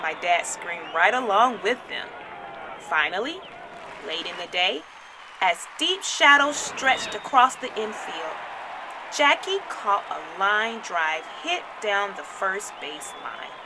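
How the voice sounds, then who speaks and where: A woman reading a children's picture book aloud in an expressive storytelling style, raising her voice for the crowd's chants. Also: mid-range voice, slow, noisy background. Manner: dramatic, shouts crowd chants.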